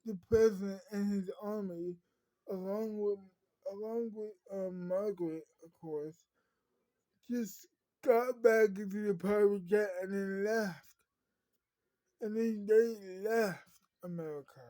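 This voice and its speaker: A woman telling an improvised story in a rambling, halting way with many fillers. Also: medium pitch, dark tone, no room sound.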